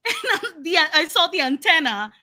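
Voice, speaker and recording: Young woman on a podcast, high bright voice, super animated, keeps laughing and doing voices. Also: normal speed. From Latina. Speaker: podcast co-host. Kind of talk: casual chat, storytelling.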